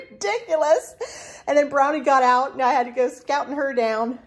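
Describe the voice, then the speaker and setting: Chatty husky woman in her sixties. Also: high voice, a little fast. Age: 60s. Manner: chatty, homey, rambling with fillers. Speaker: channel host. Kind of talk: casual grocery haul vlog. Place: farmhouse kitchen.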